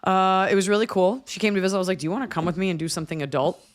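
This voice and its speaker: A woman hosting a comedy podcast, telling stories in animated casual chat and slipping into voices. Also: mid-range voice, rapid-fire. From lives in Los Angeles. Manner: animated storyteller, jumps into voices mid-story. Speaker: podcast host.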